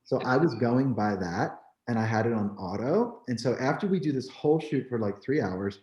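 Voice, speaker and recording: A man from New Jersey, a photographer, telling his story in an animated, candid way, peppering his talk with "like" and "you know.". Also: medium pitch, moderate pace, muffled recording. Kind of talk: storytelling in a conversation. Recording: roomy echo.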